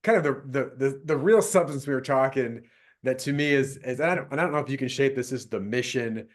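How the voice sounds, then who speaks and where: A man's voice: medium pitch, brisk. Rambling middle-aged man hosting a podcast. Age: 50s. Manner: rambling, many restarts and fillers. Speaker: podcast host. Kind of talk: casual podcast conversation.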